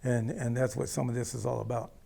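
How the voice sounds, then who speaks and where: A man's voice: medium pitch, fairly even intonation, fast talker, creaky. A man from the United States telling a personal story in a blunt, rambling way, often checking in with the listener. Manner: blunt, rambling, checks in with "okay?" and "you know". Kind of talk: casual spoken storytelling.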